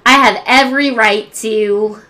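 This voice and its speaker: A woman's voice: a little high, fairly even intonation, a little slow, bright, forceful tone. A woman voicing an indignant young father who wants time with his son, in her own everyday voice. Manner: indignant, demanding.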